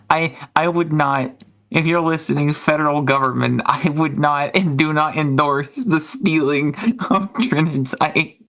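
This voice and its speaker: A woman's voice: low voice, fairly even intonation, a little slow, fairly bright tone. A woman streamer chatting casually, rambling and giggling as she retells stories and acts out quotes. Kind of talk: casual chat.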